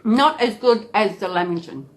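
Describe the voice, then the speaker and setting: An Australian-accented woman vlogs casually to camera for her subscribers, rambling and thanking them over and over. She speaks at normal speed in an expressive, mid-range voice.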